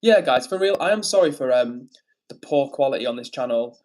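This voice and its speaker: An English man hosting a casual livestream, upbeat and chatty as he reads out comments and gives shout-outs. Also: medium pitch, animated, fairly quick, low-quality recording. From England. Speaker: livestream host.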